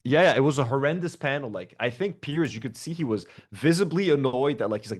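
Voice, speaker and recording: Brief: casual male streamer, lively pitch, loose and profane. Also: brisk, hardly any pauses. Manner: animated, swearing, lots of fillers. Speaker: livestream co-host. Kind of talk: casual reaction stream chat.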